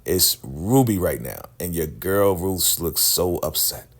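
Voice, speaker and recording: A young adult man giving a casual, animated TV episode recap. He calls his audience family and acts out quotes. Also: low-pitched, slow. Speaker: TV recap YouTuber.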